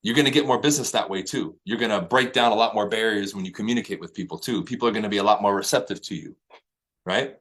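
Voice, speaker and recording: A man coaching real estate agents in a high-energy motivational talk, swearing freely and pushing hard on every point. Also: fast talker, a bit bright. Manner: profane, high-energy, emphatic.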